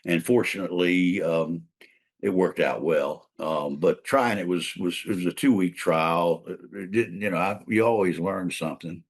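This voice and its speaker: Older man with a deep, husky voice. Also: moderate pace. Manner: rambling, with many fillers and restarts. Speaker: guest trial lawyer and mediator. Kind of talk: casual storytelling interview.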